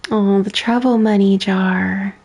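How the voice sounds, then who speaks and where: A woman streaming a game in a soft-spoken ASMR style, quietly reading in-game text and chatting with viewers, often giggling. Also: mid-range voice, steady tone, slow, slightly rough.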